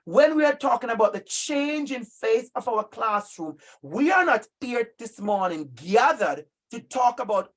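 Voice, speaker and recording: A man from Jamaica with a Jamaican accent, giving an emphatic, lively professional-development talk to teachers and addressing them directly. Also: very high-pitched, measured pace, hardly any pauses. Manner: emphatic and animated, addressing listeners directly by name. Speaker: workshop presenter for teachers.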